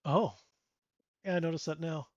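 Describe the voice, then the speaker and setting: A man's voice: fairly high pitch, normal speed, no echo, dull audio, lightly acted. A man voicing a sheepish, bluntly sarcastic young man who rambles wry excuses.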